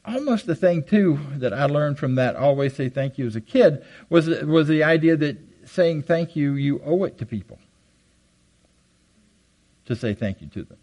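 Older guy telling stories to a crowd, animated, jokes at his own expense. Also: normal speed, poor audio. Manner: animated, jumps high for quoted voices; self-deprecating humor. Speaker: guest speaker. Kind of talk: storytelling talk to a live audience. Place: hall with audience. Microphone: handheld microphone.

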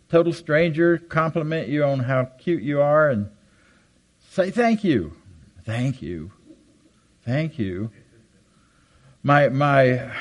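An older man giving an animated, self-deprecating storytelling talk to a live audience on a handheld mic. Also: rough recording. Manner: animated, jumps high for quoted voices. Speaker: guest speaker. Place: hall with audience. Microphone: handheld microphone.

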